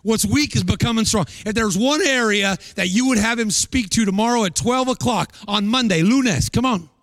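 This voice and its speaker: A middle-aged man preaching a guest sermon with energy, in a sing-song cadence and shouted peaks. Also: high voice, moderate pace, no room sound.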